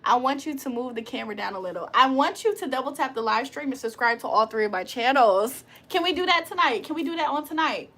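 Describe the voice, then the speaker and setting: A woman's voice: high voice, lively intonation, fast talker, few pauses, fairly bright tone. A woman hosting a casual livestream, reading chat aloud, playful and profane, laughing often and teasing viewers in a mock-preacher tone. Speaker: livestream host.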